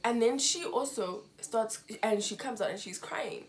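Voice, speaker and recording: Woman vlogger from Zimbabwe, casual storytime, lively swoops in pitch when quoting people. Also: unhurried. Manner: animated, lots of "like", acts out quotes with big pitch jumps.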